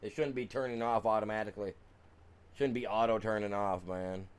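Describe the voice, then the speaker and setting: A man streaming a farming game, grumbling and muttering, then bursting out loud at the game. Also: lowish voice, fairly even intonation, a little fast, clean tone. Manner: frustrated grumbling, swings between mutters and loud outbursts at the game; sings along off-key to music. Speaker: gaming streamer. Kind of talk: casual live-stream commentary.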